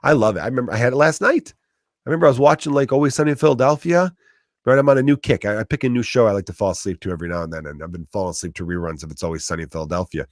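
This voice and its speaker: A man in his thirties with a Chicago accent delivers a profane, ranting comedy monologue as a podcast host. His voice sits on the low side. The sound is close and dry, with no room around it. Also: very fast, dry recording.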